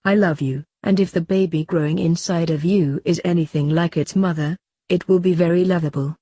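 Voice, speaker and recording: A woman's voice: on the low side, steady tone, a little fast, mellow, no echo, natural voice. A woman reading as a devoted, cheeky young husband. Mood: tender.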